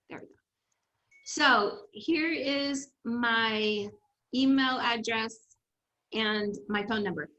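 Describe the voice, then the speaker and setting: Woman coach with a bright, ringing voice, animated storyteller on a video call. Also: on the high side, rough recording. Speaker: development coach. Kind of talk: online class presentation.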